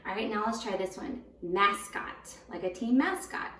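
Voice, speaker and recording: First-grade teacher, patient, syllable-by-syllable, distant echoey home recording with faint hum. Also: female voice, medium pitch, a bit bright. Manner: patient, slow, sounds words out in syllables. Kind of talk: recorded home lesson for young children. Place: home room. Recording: roomy echo, voice a bit far from the mic.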